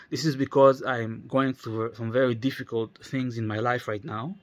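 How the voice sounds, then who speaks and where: A man's voice: medium pitch, steady tone, moderate pace. A man in his thirties, tired, talking in a rambling casual vlog, wandering off topic with many fillers and restarts. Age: 30s. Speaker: vlogger.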